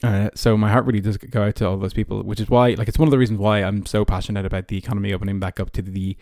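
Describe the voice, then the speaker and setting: A man's voice: on the low side, little pitch movement, racing, darkish tone, dry recording. Chatty young Irish man, dry sound. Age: early 20s. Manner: chatty, many fillers like "like" and "you know". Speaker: podcast host. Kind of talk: casual personal storytelling.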